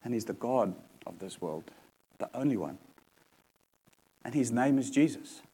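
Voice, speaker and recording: Guy preaching a sermon, earnest, hammers points home by repeating them, ordinary pitch. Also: expressive, a little slow, dark tone, slightly rough.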